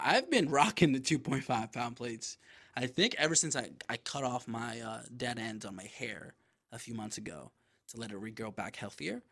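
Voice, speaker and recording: A man hosting a podcast, telling a story in a casual, animated way, with lots of swearing and quick asides. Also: mid-range voice. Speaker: podcast host.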